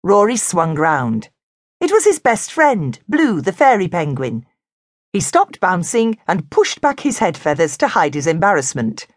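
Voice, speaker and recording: Brief: female narrator for a kids' audiobook, lively, dry close sound. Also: fairly low pitch, measured pace, no room sound. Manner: animated, expressive. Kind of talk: children's storybook narration.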